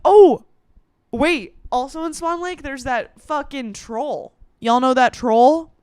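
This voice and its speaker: A woman's voice: high voice, takes it slowly, darkish tone, no echo, clean studio sound. A woman in her twenties, talking in a playful, rambling, swearing comedic monologue. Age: 20s. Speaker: vlogger.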